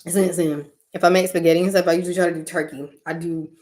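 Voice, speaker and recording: A woman hosting her channel, chatting casually with viewers about spiritual matters. She tells stories in an animated way and acts out her own reactions. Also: on the low side, fast. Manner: uses casual slang, talks directly to listeners. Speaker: channel host talking to viewers.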